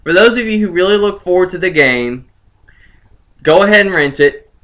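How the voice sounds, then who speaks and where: Young male gaming vlogger, sarcastic and gloating, bright, slightly high voice. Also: lively intonation, moderate pace. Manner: sarcastic, gloating, laughs incredulously. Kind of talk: ranting video commentary.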